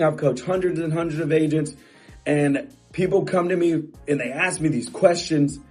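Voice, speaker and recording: A man's voice: a little high, a little mellow. A middle-aged man coaching real estate agents in a motivational talk, emphatic and repetitive, often restarting phrases.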